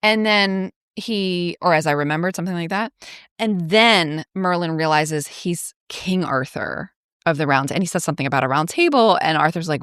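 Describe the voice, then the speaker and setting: A woman's voice: lowish voice, fairly quick, no echo, studio quality. A young woman on a podcast, casually recapping a movie in a chatty way, full of "like" and bouncy acted-out quotes. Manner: chatty, peppered with "like", acts out quotes in bouncy voices. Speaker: podcast host.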